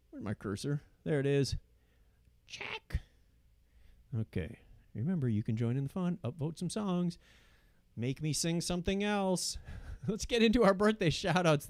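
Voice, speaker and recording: A middle-aged man hosting his own weekly livestream, chatting casually into a microphone and reading out viewer messages and birthday shout-outs. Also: on the high side. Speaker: host of a weekly karaoke livestream. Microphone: studio microphone.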